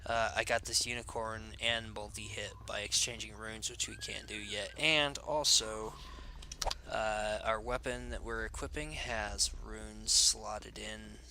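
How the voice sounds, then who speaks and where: A man's voice: fairly low pitch, wildly swooping pitch, measured pace, pushed and bright, a little hiss or hum. A tired man casually commenting on his gameplay as a let's play host, rambling and joking at his own expense. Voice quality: rambling, self-deprecating, jokey. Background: game music.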